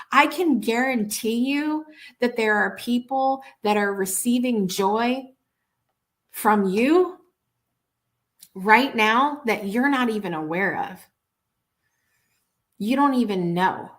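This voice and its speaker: A chatty woman hosts a live show, telling little stories in a relaxed, heartfelt way. She often trips over her words and starts again, keeping her tone earnest and conversational. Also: fairly high pitch, takes it slowly, pauses often. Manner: chatty, warm, earnest, with many restarts. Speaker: show host. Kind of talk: casual storytelling on a live show.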